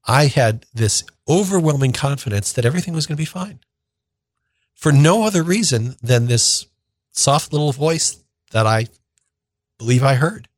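Speaking on the radio in a close, dry studio without any echo, a man in his sixties who serves as a deacon and comes from northern Minnesota recounts something that happened to him. His middle-pitched voice moves at a moderate, warm pace as he animates the story by voicing other people's words.

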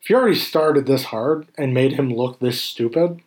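A man in casual chat, animated and swearing freely as he acts out scenes. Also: medium pitch, moderate pace.

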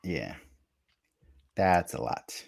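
Chatty low-voiced man co-hosting a podcast. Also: very slow, gravelly. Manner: animated, chatty, frequent fillers. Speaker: podcast co-host. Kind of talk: casual chat.

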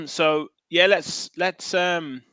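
A man's voice: a little high, steady tone, extremely slow, sharp tone, dry recording. A man, co-hosting a casual football podcast in an easygoing way, laughing often and trailing off with fillers. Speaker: podcast co-host.

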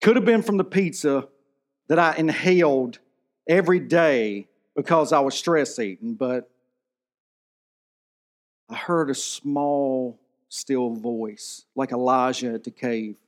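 A man's voice: medium pitch, slow, pauses often. A man in his thirties preaching a sermon in a church, telling a personal story in an earnest, emotional way. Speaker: pastor.

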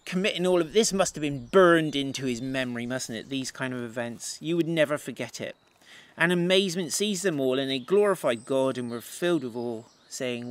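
Guy giving a sermon, slightly high voice, chatty storyteller doing little voices. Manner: lively storyteller, laughs, acts out voices. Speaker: preacher. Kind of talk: sermon retelling a Bible story.

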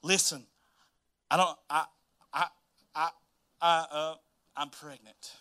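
A male preacher acting out a young woman haltingly confessing hard news, speaking softly and apologetically. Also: fairly high pitch, little pitch movement, clean tone. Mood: hesitant.

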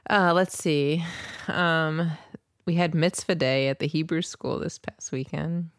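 A woman's voice: sits low, steady tone, measured pace, smooth, dry recording, clean studio sound. A woman co-hosting a podcast in casual chat, teasing and blunt, laughing often. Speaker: podcast co-host.

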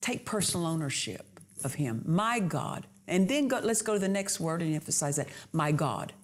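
A woman's voice: on the low side, sing-song, brisk, darkish tone. A woman preaching a sermon, earnest and emphatic, repeating key phrases for emphasis.

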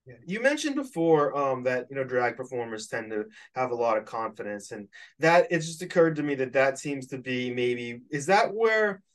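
A man hosting a podcast, asking questions in a halting way and repeating words as he looks for his thoughts. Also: mid-range voice, big pitch swings, recorded from a distance. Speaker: podcast host. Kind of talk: casual interview chat. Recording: voice set back from the mic.

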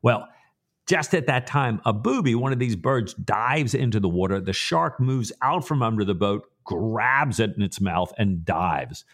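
A man on a book podcast, retelling a chapter in a relaxed, chatty way with light humor. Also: fairly low pitch, a little slow. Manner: relaxed and chatty, with "you know" fillers and light laughs. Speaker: podcast co-host.

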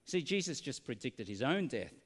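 A man preaching a sermon, earnest and full of rhetorical questions, slowing down to stress key words. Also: medium pitch, big pitch swings, big-room sound.

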